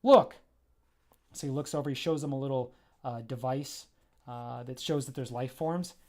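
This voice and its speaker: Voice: mid-range voice, steady tone, normal speed, mellow. A comic creator reads through their own graphic novel on a livestream, pointing out drawings and chatting along the way. The delivery is casual, enthusiastic and a bit rambling, with a mid-range voice.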